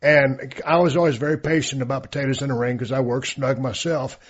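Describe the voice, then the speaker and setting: A man's voice: medium pitch, fairly even intonation, a little fast. A man telling a story in casual chat, in a laid-back, drawling way. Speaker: podcast co-host. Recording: dull lo-fi sound.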